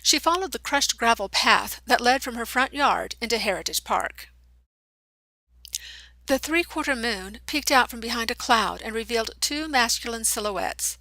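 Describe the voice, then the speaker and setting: A woman narrator reading a young adult novel aloud in an expressive storytelling manner. Her voice is bright and sits a little high. The recording is dry and close, with no room sound. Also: moderate pace, dry recording, rough recording. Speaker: audiobook narrator. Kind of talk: scripted audiobook narration.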